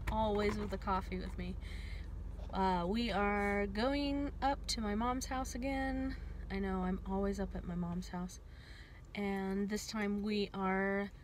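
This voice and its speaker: A woman's voice: medium pitch, a little hiss or hum. A young adult woman chatting casually to her viewers from inside a car, laughing often. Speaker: vlogger. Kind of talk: casual vlog chat.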